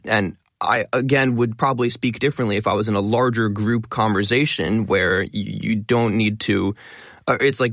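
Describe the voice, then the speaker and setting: A man talking as a guest in a casual interview, explaining in a quick, eager way. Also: lowish voice, a bit bright, no room sound, studio quality. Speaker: guest, linguist and educational video creator.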